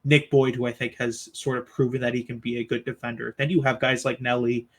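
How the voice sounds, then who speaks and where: A man's voice: medium pitch, flat delivery, a little fast. A man hosting a sports podcast, chatting casually and asking his co-hosts for predictions. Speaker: podcast host.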